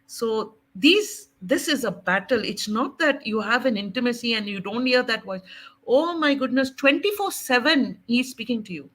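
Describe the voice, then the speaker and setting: A woman sharing her faith testimony in an animated, laughing way. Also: fairly high pitch, moderate pace, poor audio. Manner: animated, laughing often, dramatic quoting.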